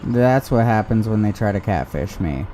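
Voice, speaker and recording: A man talks casually on a game stream, rambling through his stories. His voice is mellow and warm, and a faint hum sits behind him. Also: on the low side, lively intonation, normal speed. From United States. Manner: rambling storyteller who acts out quoted voices.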